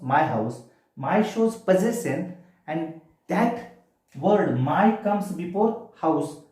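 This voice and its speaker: Man, grammar teacher, lively pitch, slightly high voice. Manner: asks questions and answers them himself. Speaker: English teacher. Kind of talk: grammar lesson. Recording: very echoey room.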